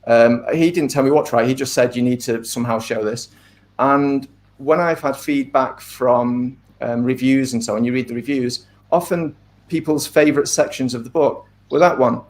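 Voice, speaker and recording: A middle-aged man talks through his craft in a casual interview. His delivery is thoughtful and measured, sprinkled with ums and side remarks. His voice sits at an everyday middle pitch. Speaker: author being interviewed.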